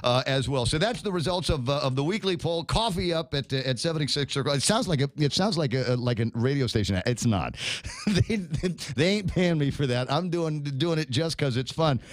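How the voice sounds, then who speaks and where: A man's voice: a little high, expressive, moderate pace, dry recording. A man hosting a morning radio show, chatting casually, laughing often and stammering over repeated words. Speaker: radio host.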